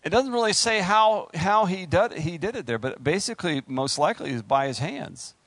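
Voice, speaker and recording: A man preaches through a Bible passage with lively, joking asides to his listeners. His voice sits a little high and swings widely in pitch. The sound is close and dry. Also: normal speed, dry recording. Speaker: preacher leading a Bible study. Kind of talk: sermon with scripture reading.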